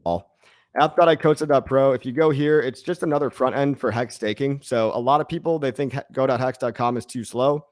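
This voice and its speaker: A man's voice: medium pitch, a little fast, darkish tone, no echo, studio quality. Rambling jokey man hosting a live stream. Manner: rambling, jokey, swears casually. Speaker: crypto live stream host. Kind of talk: casual live stream chat reading comments.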